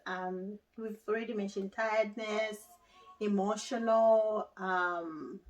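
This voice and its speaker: A woman's voice: medium pitch, fairly even intonation, slow, recorded from a distance, highs cut off. A woman chatting casually as a guest, laughing often and trailing off as she tells her story. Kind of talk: casual chat.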